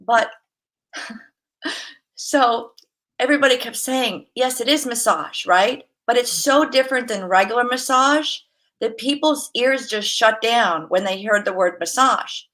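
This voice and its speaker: A woman's voice: fairly high pitch, a little slow. A woman who works as a massage therapist, a guest chatting casually, telling stories with laughs and acting out quoted voices. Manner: lively storyteller, laughs often, acts out quotes. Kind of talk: casual interview chat.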